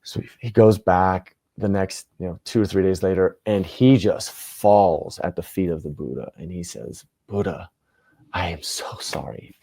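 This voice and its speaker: A man in his thirties, a guest in an interview, telling stories in an animated, self-deprecating way. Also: low voice, normal speed, gravelly, hardly any pauses, no echo. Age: 30s. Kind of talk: casual interview storytelling.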